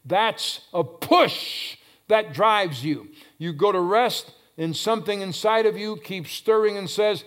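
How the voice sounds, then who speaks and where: A man with a fairly high voice preaches with fervor. He swells to loud, drawn-out calls and drops to hushed low phrases, hammering key words over and over. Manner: repeats phrases for emphasis. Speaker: pastor. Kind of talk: sermon.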